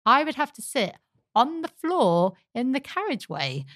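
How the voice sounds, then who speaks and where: English woman in her 30s, chatty and animated, dry close sound. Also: sits high, moderate pace, no room sound. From England. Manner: animated, chatty storyteller with frequent fillers. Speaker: podcast co-host. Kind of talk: casual storytelling chat.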